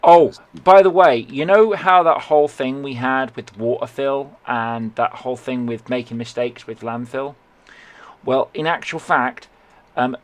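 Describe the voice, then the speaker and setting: A man, streaming a game in casual chat and teasing banter. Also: medium pitch.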